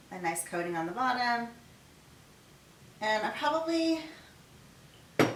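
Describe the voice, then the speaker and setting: A middle-aged woman chef talks her way through a home cooking demo, chatty and relaxed. She sounds a little far from the mic in an echoey kitchen. Pots, pans and cutlery clink behind her. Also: medium pitch, heavy background noise. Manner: chatty, talks to herself while working. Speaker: chef hosting a cooking video. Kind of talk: casual cooking demonstration.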